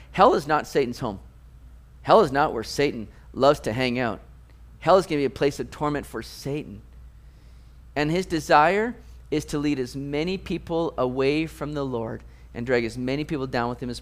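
A man preaching a sermon, reading scripture and explaining it with animated, playful asides. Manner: animated, jumps to high mock voices for jokes. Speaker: pastor.

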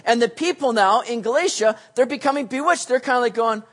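A pastor preaching a sermon, animated, switching between loud emphasis and hushed asides, and acting out quoted voices. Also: mid-range voice, brisk, hardly any pauses. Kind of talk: sermon teaching on a Bible passage.

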